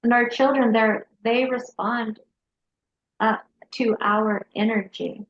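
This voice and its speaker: A woman therapist telling a personal story in an interview, in a lively storyteller's manner. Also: a little high, slow, slight background noise. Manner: lively storyteller who acts out her kids' voices. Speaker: hypnotherapist and mental health counselor. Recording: dull lo-fi sound.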